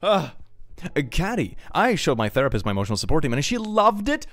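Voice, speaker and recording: A Swedish man chats playfully on a live stream, reading out supporters' messages and donations in an animated, jokey way. His voice is fairly high and fairly quick. The recording is dry.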